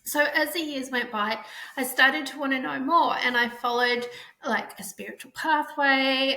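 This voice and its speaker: Bright-voiced woman in echoey room. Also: on the high side. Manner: reflective, with frequent "um" and restarts. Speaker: author and neurodiversity speaker. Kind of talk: personal storytelling talk.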